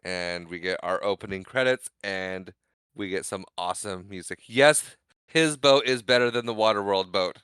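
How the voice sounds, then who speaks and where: Bright, crisp-voiced man recapping a movie. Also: low-pitched, moderate pace, no room sound. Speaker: podcast co-host. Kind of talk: casual movie recap chat.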